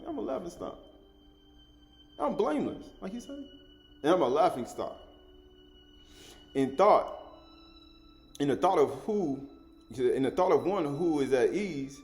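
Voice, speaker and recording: Preaching with lively energy, a man whose voice sits a bit high keeps repeating and rephrasing his points, punctuated by little chuckles.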